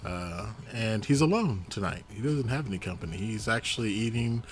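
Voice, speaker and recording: Fairly low-pitched with lively intonation and a moderate pace, this game master narrates a tabletop session directly to his players as "you," punctuating it with chuckling asides.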